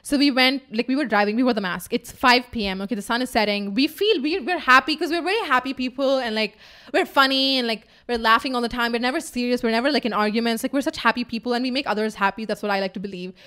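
A young woman co-hosting a casual chat, telling a story excitedly, swearing freely and acting out what people said. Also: a little high, fast talker. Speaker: co-host.

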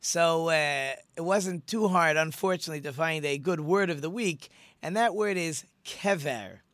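A man's voice: a little high, normal speed, fairly bright tone, no echo. A middle-aged man, a rabbi hosting a radio talk show, speaking in a chatty, conversational way with many fillers and restarts as he tells a story.

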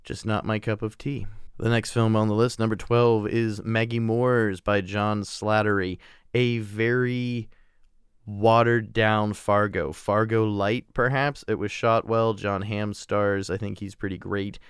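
A man's voice: fairly low pitch, steady tone, unhurried, smooth, dry recording, studio quality. A man hosting a solo podcast, talking casually and rambling about films with frequent swearing and self-deprecating asides. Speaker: podcast host reviewing films.

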